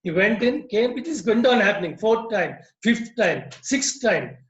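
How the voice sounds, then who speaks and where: A man's voice: sits high, sing-song, a little slow, echoey room, dull audio. A man giving an earnest moral talk full of stories over a video call. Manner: earnest, repetitive storytelling. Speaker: lodge speaker.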